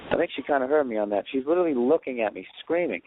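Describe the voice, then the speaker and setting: A man's voice: medium pitch, animated, rapid-fire, phone-quality sound. A man ranting sarcastically and profanely as a comedy podcast host, recorded in an airport waiting area on a phone. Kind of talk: rambling comedic rant.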